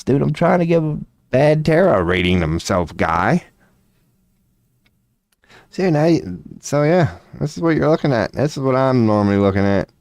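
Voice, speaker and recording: Dude streaming at home, cussin a lot, talks slow, smooth voice goes up and down a lot. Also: male voice, mid-range voice, a little mellow, no echo. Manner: profane, laughing, talks to a mouse. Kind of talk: casual solo stream chat.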